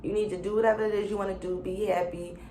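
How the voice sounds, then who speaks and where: A woman's voice: medium pitch, fairly even intonation, fast, mellow, reverberant, faint music behind. A woman casually recapping a reality show, chatty and opinionated, with lots of fillers and slang.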